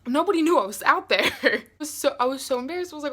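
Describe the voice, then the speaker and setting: A young woman vlogger telling a story in a casual, animated way, with many fillers. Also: sits high, fast talker. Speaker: beauty vlogger.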